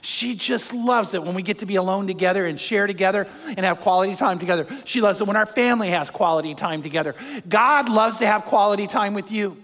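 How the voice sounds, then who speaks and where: An older man, a pastor and grandfather, preaching a sermon with animated storytelling and acted-out quotes. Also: high voice, fast talker. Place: church hall with long reverb. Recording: reverberant hall.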